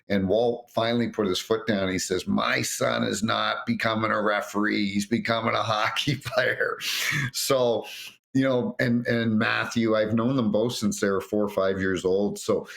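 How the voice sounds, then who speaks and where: A middle-aged man, a former referee, telling lively anecdotes in an interview and acting out what others said. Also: deep voice. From North America. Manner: animated anecdotes, acts out quotes. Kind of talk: storytelling interview.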